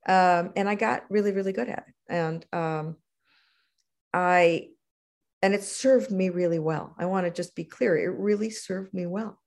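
A middle-aged woman, a guest in an interview, telling stories from her career in an animated conversational way. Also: unhurried. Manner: animated, acts out quotes with big pitch jumps. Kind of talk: conversational storytelling.

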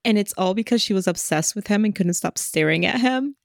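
A woman's voice: mid-range voice, animated, a little fast, creaky, dry recording, clean studio sound. A woman co-hosting a podcast, recapping a book in casual, joking chat with a sarcastic edge. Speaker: podcast co-host.

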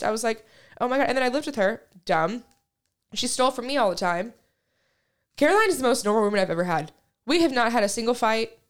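A woman's voice: fairly high pitch, lively intonation, fast. Chatty young woman, rambling filler-heavy storytelling. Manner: rambling, heavy use of "like", frequent swearing. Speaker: podcast co-host. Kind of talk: casual chat, storytelling.

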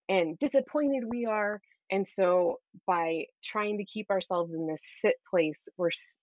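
A middle-aged woman talking as an interview guest, earnest and encouraging, often tagging her points with a quick "right?". Her voice sits at a middling pitch. The sound is a little dull and very dry, with no room echo. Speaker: guest, Christian parenting coach. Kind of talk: conversational interview.

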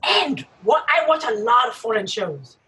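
A woman's voice: on the high side, measured pace, far from the mic, low-quality recording. A woman chatting casually and emphatically, acting out her reactions as she talks. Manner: animated, emphatic, acts out reactions. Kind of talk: casual chat.

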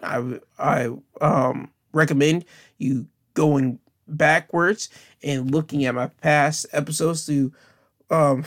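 A young man hosting his own podcast, rambling through a casual sign-off with frequent restarts, earnest and encouraging. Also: fairly high pitch. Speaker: podcast host.

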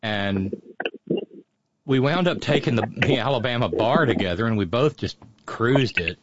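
A man telling stories in casual chat as a radio host, animated and mimicking the way others talk. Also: medium pitch, measured pace, dull audio, background noise. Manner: animated, drawling storyteller who mimics accents.

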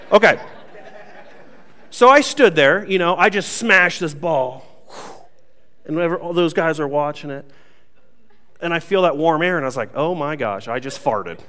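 Lively young pastor in echoing hall. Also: male voice, high voice, smooth. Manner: lively, self-mocking storytelling. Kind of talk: sermon with humorous story.

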